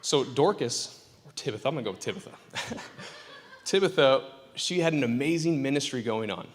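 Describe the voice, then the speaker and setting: A man's voice: mid-range voice, lively intonation, normal speed. A man preaching a casual, joking sermon in a church. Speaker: pastor. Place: church sanctuary. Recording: church hall reverb.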